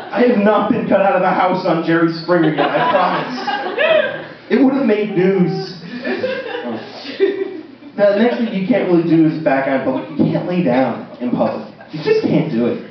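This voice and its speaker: A young man performing a stand-up comedy set on a university stage, self-deprecating and conversational, with frequent ums. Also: sits high. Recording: roomy, distant, dull, audience laughter. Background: audience laughter.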